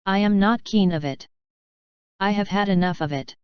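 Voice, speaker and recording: A woman reading short English example phrases aloud one by one in a slow, careful lesson delivery. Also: mid-range voice, clean tone, no room sound, lo-fi sound. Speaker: English teacher.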